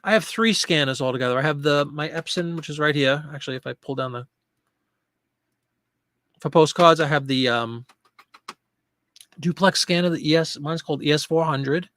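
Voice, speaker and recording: A man's voice: on the high side, a bit bright, no echo. A middle-aged man hosting a casual live chat show, chatting and answering viewer comments. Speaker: host of a live chat show for online sellers.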